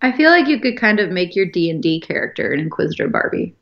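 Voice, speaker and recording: A woman's voice: lowish voice, big pitch swings, muffled recording. A woman chatting casually as a podcast co-host, laughing often as she talks. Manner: giggly, chatty, quick to laugh. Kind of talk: casual chat.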